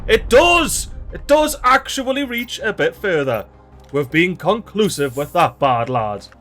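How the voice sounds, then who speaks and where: An excitable Geordie man chats his way through a game, slangy and a little sweary. His voice sits fairly high and leaps about in pitch. Faint music plays behind him. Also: a little slow. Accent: Geordie, North East England. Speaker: let's play host. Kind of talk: gameplay commentary.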